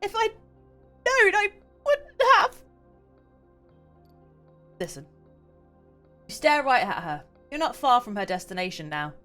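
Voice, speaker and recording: A woman streams a game, narrating its text and reacting in a mock-indignant, animated way. Her voice sits a little high and swings widely in pitch. Faint game music plays behind her. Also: slow pace, pauses often. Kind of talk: let's play streaming, reading game text aloud.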